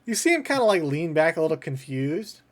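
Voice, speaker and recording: A man's voice: fairly high pitch, big pitch swings, brisk. A man narrating a tabletop game as game master, in a casual, loose way.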